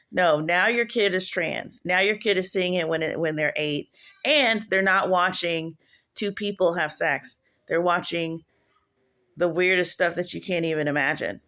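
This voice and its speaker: Gravelly lady preaching at home, rambly, keeps restarting sentences. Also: on the low side, a bit bright. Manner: rambling, digressive, restless. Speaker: online prophetess. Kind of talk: casual home video preaching.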